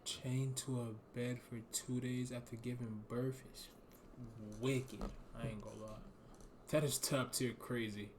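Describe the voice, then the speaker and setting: A man talks over a video he is watching live. His commentary is loose, slangy and animated, and he thinks out loud as he goes. His pitch sits in an ordinary middle range, with a faint hiss of noise under the recording. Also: a little slow. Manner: animated, slangy, speculating aloud. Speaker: streamer reacting to a video. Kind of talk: casual live-stream commentary.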